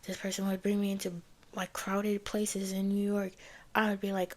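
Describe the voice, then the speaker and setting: A young woman speaks in a casual personal testimony. She rambles as she talks, leaning on filler words and circling back on herself. Her voice sits at an ordinary mid pitch. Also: completely flat delivery, normal speed, a little mellow. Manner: rambling, many fillers like "like" and "you know". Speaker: vlogger sharing her faith story.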